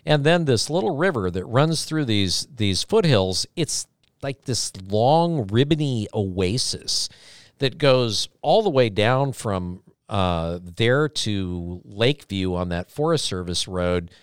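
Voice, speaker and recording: A man chatting as a podcast guest, his pitch swinging up and down as he rambles through a long story. He slips in deadpan jokes along the way. The sound is dry and close, with no room echo. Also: slow pace, clean tone. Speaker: podcast guest, radio host. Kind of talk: casual chat.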